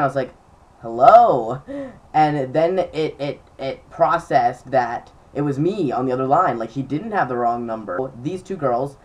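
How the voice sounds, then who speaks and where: A man's voice: mid-range voice, muffled recording. Chatty young man vlogging, slightly distant. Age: young adult. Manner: chatty storytelling with many fillers. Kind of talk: casual chat to camera.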